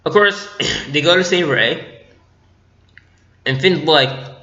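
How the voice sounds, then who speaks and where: A man riffs through a casual movie review, joking, giggling and playing out scenes. His voice is bright and slightly high. The audio is dull and lo-fi, with a roomy echo. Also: animated, takes it slowly. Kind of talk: casual spoiler review vlog.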